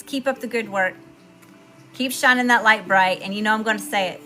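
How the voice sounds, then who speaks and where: A woman from Mississippi hosting a spiritual livestream, giving effusive shout-outs to viewers in casual chat. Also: medium pitch, fairly quick, soft background music. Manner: effusive, warm shout-outs with lots of "y'all".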